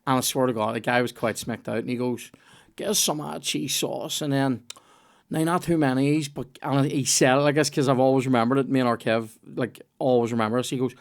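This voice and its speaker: A man's voice: mid-range voice, steady tone, fairly quick. A man, hosting a casual comedy podcast chat, swearing freely and mimicking the people in his stories. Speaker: podcast host.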